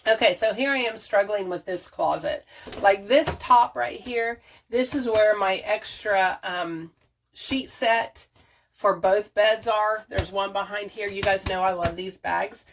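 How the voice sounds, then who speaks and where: Organizing her bathroom at home, a woman who vlogs about budgeting and decluttering chats unhurriedly to her audience, musing aloud and laughing often. Her mid-range voice is creaky, and there's slight background noise. She's filmed on a nearby camera that she moves about.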